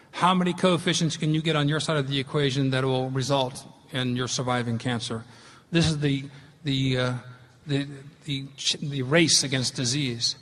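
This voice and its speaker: A man's voice: mid-range voice, fairly even intonation, normal speed, fairly bright tone. A middle-aged man giving a public lecture with slides, earnest and emphatic as he tells a story. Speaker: speaker giving a talk. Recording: long hall reverb.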